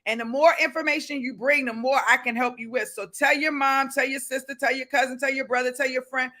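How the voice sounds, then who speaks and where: A man with a Baltimore accent hosting a motivational livestream, reading viewer comments aloud and breaking into fervent shouts. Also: very high voice, steady tone, a little fast. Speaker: livestream host.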